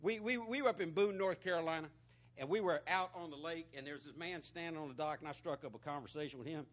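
A man's voice: fairly high pitch, fast. A man from Florida with a Southern twang, preaching a conversational sermon in a folksy, storytelling way full of repeated words. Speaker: pastor.

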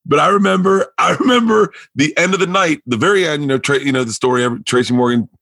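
Husky man telling comedy stories. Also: on the high side, fast, no room sound. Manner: animated, stammering restarts, acts out quoted people. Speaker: comedian guest. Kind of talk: casual storytelling.

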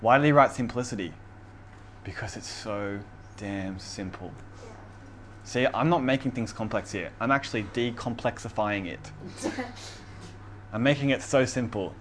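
A man's voice: medium pitch, moderate pace, a bit bright. A man preaching a casual sermon, who reads scripture aloud with emphasis and laughs often, over faint room noise. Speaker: pastor.

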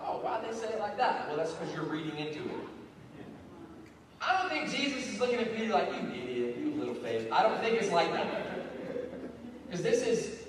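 High-voiced preacher in an echoing sanctuary. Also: male voice, a little hiss or hum. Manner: fervent, repetitive, rallying calls. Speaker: pastor. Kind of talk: sermon. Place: church sanctuary. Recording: echoey hall, distant mic, music.

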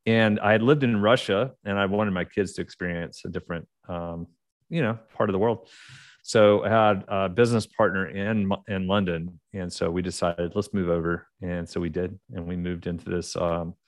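A middle-aged man with an Oklahoma accent speaks as a podcast guest, his voice sitting on the low side. He rambles through his stories, restarting sentences and leaning on fillers. The sound is dry and close to the mic. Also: steady tone, normal speed, dry recording. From United States. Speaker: podcast guest, leadership author. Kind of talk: casual interview storytelling.

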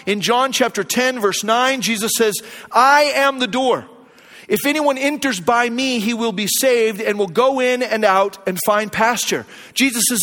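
Pastor, male, very high voice, earnest sermon delivery with hushed emphatic drops, reverberant church hall. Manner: earnest, varies pace, drops to a low hush for emphasis. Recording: long reverb of a large hall.

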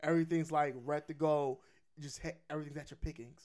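A man co-hosting a casual chat, rambling and halting with fillers and restarts. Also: fairly high pitch, flat delivery, a little mellow. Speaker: podcast co-host.

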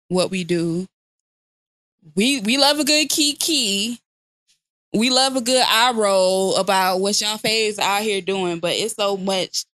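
A woman co-hosting a casual podcast chat, blunt and profane and quick to laugh. Her voice sits at an ordinary middle pitch. The sound is dry and close, with no room around it. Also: a bit bright, no echo. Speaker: podcast co-host.

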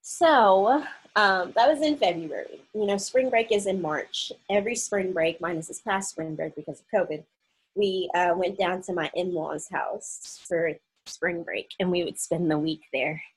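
A woman's voice: fairly low pitch, measured pace, husky, low-quality recording. A young woman from Oklahoma telling a personal story in a casual vlog, acting out the voices of the people she quotes.

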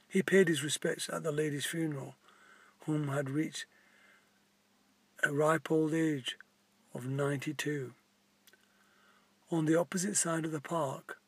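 A man reading a children's story aloud in a plain, halting way with small restarts. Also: a little high, slightly rough, no room sound.

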